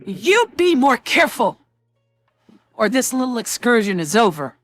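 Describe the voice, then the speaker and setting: A game master voicing a worried, doting infernal mother who fusses and scolds in a high voice. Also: very animated, a little slow, a bit bright, soft background music. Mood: scolding.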